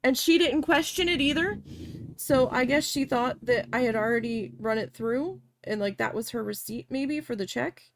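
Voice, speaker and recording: This art vlogger talks as she paints, telling a long, frank, and profane tale about working a retail cashier job, correcting herself as she rambles. She speaks at a moderate pace in a fairly high voice.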